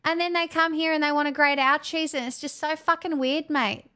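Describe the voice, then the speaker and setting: A woman putting on a heavy, nasal, broad Australian accent to play a brash, crude, swearing loudmouth who rambles on. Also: sits high, steady tone, a little fast, voice pushed up. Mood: blustering.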